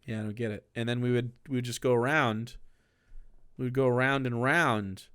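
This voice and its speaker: A man streaming live, giving casual, sarcastic, rambling commentary with animated bursts. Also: medium pitch, moderate pace, smooth, no room sound, studio quality.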